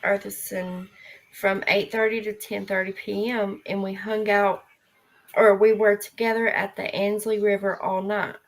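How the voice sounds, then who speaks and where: A woman's voice: mid-range voice, little pitch movement, rough recording. A woman, casually thinking aloud while playing a mystery game. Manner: slow, unhurried, musing aloud. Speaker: co-player on a live stream.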